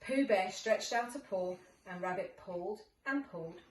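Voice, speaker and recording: A woman's voice: mid-range voice, moderate pace, recorded from a distance. A woman teacher at home reading a storybook aloud to young children in a cheerful, coaxing way. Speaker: primary school teacher. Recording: echoey room, away from the mic.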